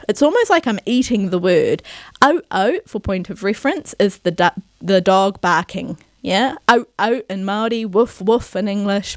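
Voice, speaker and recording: A woman teaches pronunciation on television, stretching and shaping each vowel with care. Her voice sits at a middling pitch and is recorded close and dry. She keeps checking in with her viewers and urging them on as she goes. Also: no echo. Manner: slow, careful enunciation of vowel sounds; encouraging, asks "yeah?" to check in. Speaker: Māori language presenter.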